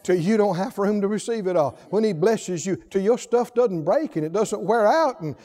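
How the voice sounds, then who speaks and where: A man preaching a sermon, emphatic and full of rhetorical questions to the congregation, swinging from soft low asides to loud exhortation. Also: animated, moderate pace.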